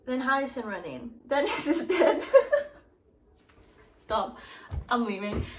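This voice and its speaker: A young woman YouTuber reading fanfiction aloud and mocking it, sarcastic and quick to swear. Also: a little high, expressive. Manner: sarcastic, swears freely, breaks into laughter.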